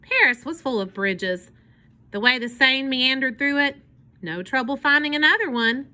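A woman narrates a children's book in an expressive, storytelling way. Her voice is bright and sits a little high. Her pitch moves a lot from line to line. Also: normal speed. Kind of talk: reading a children's book aloud.

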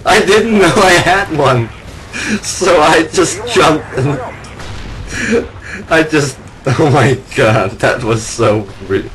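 A young man giving excitable, casual commentary while playing a shooter game, yelling and laughing often. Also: on the high side, takes it slowly, pauses often. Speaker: gameplay commentator. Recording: noisy game sounds behind. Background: game vehicle and battle noise.

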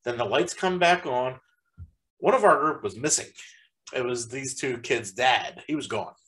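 A man with a mid-range, fairly bright voice and lively intonation reviews a haunted attraction in casual conversation at a measured pace. The recording is low quality, and he rambles, stuffing his sentences with "like" and other fillers.

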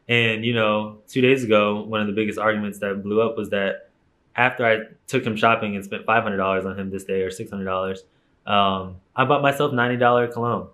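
A man's voice: fairly low pitch, steady tone, a little fast, a bit bright. A young man telling a personal story straight to camera in a casual vlog, candid and emphatic, swearing freely. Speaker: YouTuber.

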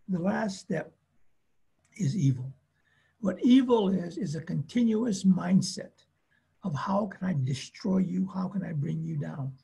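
A man's voice: high-pitched, vocal fry, dark tone, slightly rough. A man who works as a therapist, giving a webinar talk on family conflict in plainspoken, emphatic phrases and short stories. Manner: emphatic, repetitive phrasing with acted-out quotes; plainspoken storytelling.

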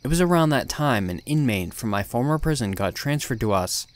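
A man's voice: medium pitch, expressive, fairly quick. Guy reading a creepy story, blunt tough-guy telling, swears a lot. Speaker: horror story narrator. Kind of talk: scripted horror narration.

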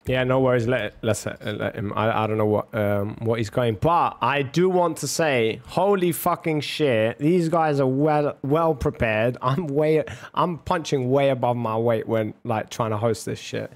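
A man's voice: mid-range voice, steady tone, moderate pace, hardly any pauses, a little mellow. A man hosting a debate on a livestream, chatting casually with lots of swearing, laughter and rambling banter. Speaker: debate host.

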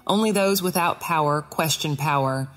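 A woman's voice: sits low, normal speed. A woman voicing a bossy, haughty female iris flower who talks curtly and imperiously in a storybook. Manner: imperious, curt.

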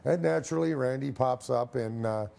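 A middle-aged man, a former professional high diver, telling an anecdote in an interview and acting out the dialogue. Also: moderate pace, gravelly. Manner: lively storyteller who acts out the dialogue.

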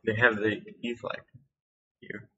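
A man's voice: fairly low pitch, very animated, a little slow, gravelly, fairly bright tone. A man co-hosting a game stream, casual and playfully boastful, recorded muffled from a distance. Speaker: co-host.

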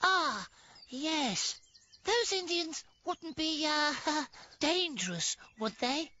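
A woman voicing a nervous, excitable townsman in a cartoon, jittery and eager. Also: high-pitched, drawn-out words, dull audio, exaggerated voice. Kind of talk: cartoon voice acting.

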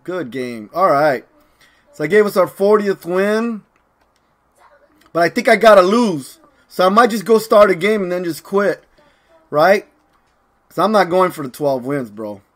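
A man's voice: high-pitched, animated, measured pace, long pauses. A young man streaming a video game, chatting casually to his viewers and saying "dude" and "man" all the time. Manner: laid-back, talks to chat, says "dude" and "man" constantly.

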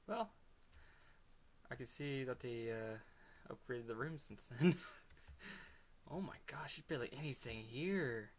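A man giving excitable let's play commentary, laughing often and slipping into whispered asides. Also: mid-range voice, unhurried, long pauses. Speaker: gamer.

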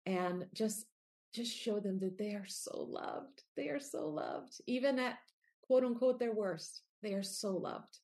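A middle-aged woman, an author appearing as an interview guest, speaks in a mid-range, slightly slow voice with a darkish tone. Her talk is candid and heartfelt, delivered earnestly and sprinkled with quoted asides.

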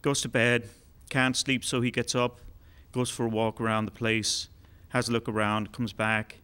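A man's voice: medium pitch, normal speed, smooth. Man telling a rambling joke. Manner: relaxed, rambling, with fillers. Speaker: musician telling a joke on stage. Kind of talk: told joke, live storytelling. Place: concert hall.

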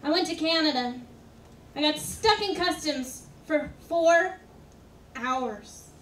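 A woman performing a stand-up comedy set on a club stage, delivering jokes deadpan with sudden loud outbursts. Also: high voice, slow pace. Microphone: stage microphone. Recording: roomy club sound from a distance, audience and faint noise. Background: audience laughter.

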